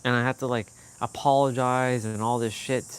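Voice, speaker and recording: A man's voice: medium pitch, little pitch movement, normal speed, a little hiss or hum. A young man vlogging, telling an emotional personal story in a candid, swearing manner. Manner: candid, swearing, quoting others in heated bursts. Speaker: fitness vlogger.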